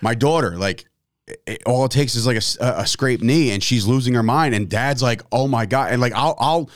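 A man in his thirties hosting a podcast, high-energy and chatty, laughing easily. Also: a little fast, no room sound, clean studio sound. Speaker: podcast host. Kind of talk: casual chat.

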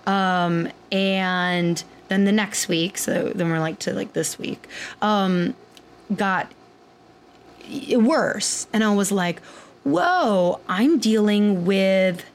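A woman's voice: medium pitch, steady tone, slow pace, slight background noise. A woman hosting a podcast, talking candidly in a rambling, casual monologue full of fillers and the odd swear word. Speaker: podcast host and clinician.

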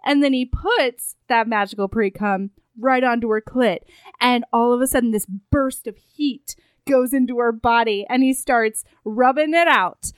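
A woman casually retelling a book's scenes with frequent giggles and quick asides. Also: a little high, smooth, no echo. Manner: giggly, animated retelling with quoted voices. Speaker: podcast co-host. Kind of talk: casual comedic chat recapping a book.

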